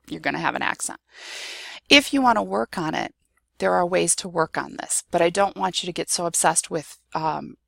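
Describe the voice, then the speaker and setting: Low, gravelly Midwestern woman teaching. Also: no room sound, studio quality. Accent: Midwestern American. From United States. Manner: explanatory, reassuring, many ums and okays. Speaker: Spanish teacher. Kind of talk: recorded screen-share lesson.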